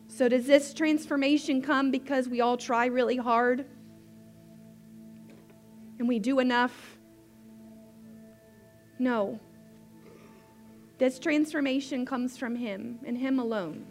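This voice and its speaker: A woman preaching a sermon in a gentle, unhurried way. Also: high-pitched, fairly even intonation, soft background music. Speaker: pastor.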